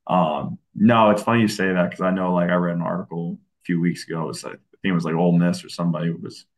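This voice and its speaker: A man, a college football coach, talking in a casual interview, relaxed and often restarting his sentences. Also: low-pitched, fast talker. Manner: relaxed, many restarts and fillers.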